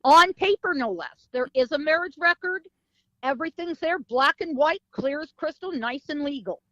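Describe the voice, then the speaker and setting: High-voiced woman telling a vivid story. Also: lively intonation, normal speed, sharp tone, no room sound, lo-fi sound. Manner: vivid storytelling with sound effects and acted quotes. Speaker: guest, psychic medium and author. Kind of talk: animated storytelling in an interview.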